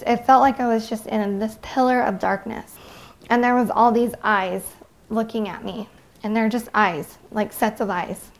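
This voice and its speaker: A woman giving an earnest, halting personal testimony, reflecting slowly as she recalls what happened to her. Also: a little high. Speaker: near-death experience witness.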